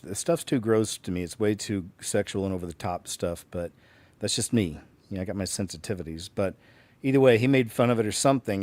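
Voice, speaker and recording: A man casually giving listeners some background in a relaxed, offhand way. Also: on the low side. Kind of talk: casual chat.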